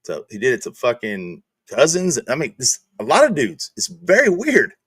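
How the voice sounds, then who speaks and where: A man's voice: medium pitch, normal speed, breathy edge, no echo. Profane man telling stories, dry sound. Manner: profane, animated storytelling. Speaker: streamer host. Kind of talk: casual chat.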